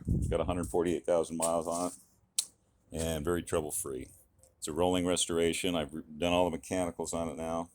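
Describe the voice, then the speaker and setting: Folksy deep-voiced man in his garage. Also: slight background noise. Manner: folksy, enthusiastic, rambling with fillers. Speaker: car hobbyist vlogger. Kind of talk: casual DIY car vlog.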